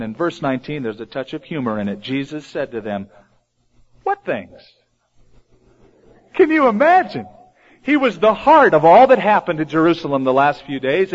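A man preaching a sermon in a lively way, acting out the lines he quotes in different voices. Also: on the high side. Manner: animated, acts out quoted lines in varied voices. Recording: dull lo-fi recording.

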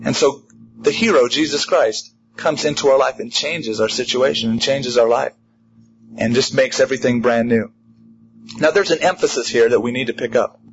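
A man preaching a sermon in an emphatic, animated way, driving home a repeated refrain. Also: mid-range voice, moderate pace, muffled recording, a little hiss or hum. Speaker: pastor.

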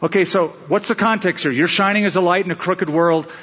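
A fairly quick, high male voice, bright and slightly rough, carries this conversational sermon. The pastor asks his listeners rhetorical questions and acts out little asides, and the recording is dull with a long reverberant hall sound.

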